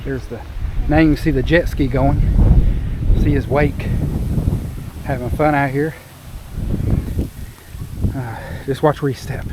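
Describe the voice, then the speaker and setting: A man's voice: mid-range voice, steady tone, moderate pace, pauses often. A man in his forties chatting casually to viewers on a handheld camera as he hikes a windy hilltop trail above a cove. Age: 40s. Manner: chatty, addresses viewers while hiking. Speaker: travel vlogger. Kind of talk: casual vlog chat to camera. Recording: outdoor wind noise on the mic. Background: gusting wind.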